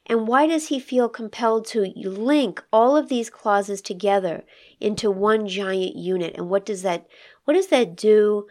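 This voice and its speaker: A woman's voice: mid-range voice, unhurried, darkish tone. A woman co-hosting a podcast, discussing a poem in a thoughtful, questioning way. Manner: thoughtful, asks probing questions about the poem. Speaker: podcast co-host. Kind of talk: conversational literary discussion.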